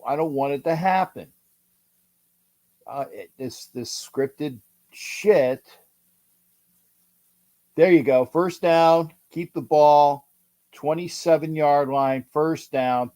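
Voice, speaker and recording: Slow-talking excitable man calling a game. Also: a little high. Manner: excitable, urging and repeating himself. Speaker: livestream host. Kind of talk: live game-watch commentary with chat.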